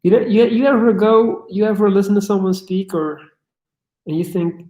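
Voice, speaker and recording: A young livestream host answers his chat in a blunt, casual way, swearing as he reads questions out and riffs on them. He has a high, mellow voice and keeps a moderate pace, and the room sounds echoey.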